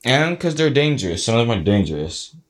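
A man's voice: mid-range voice, very animated, a little fast. A young man in a casual family chat, stubbornly defending his point. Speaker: son and guest.

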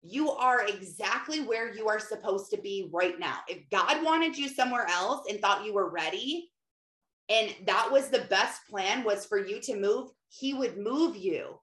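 A woman, a mother, giving an animated, casual faith talk and often acting out quotes. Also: mid-range voice, unhurried. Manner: animated, often acts out quotes, many fillers. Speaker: mother and Christian speaker. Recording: roomy echo.

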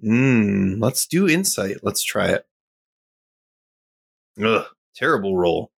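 A man's voice: lowish voice, animated, slow, gravelly, slightly rough, no echo. A man playing a tabletop game, easygoing and describing what he sees. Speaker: player. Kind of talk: casual tabletop play.

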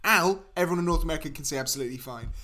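A man's voice: on the high side, rapid-fire, bright, forceful tone. A British man co-hosting a podcast, talking casually and playing up a mock-salesman bravado for laughs. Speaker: podcast co-host. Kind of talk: casual comedic chat.

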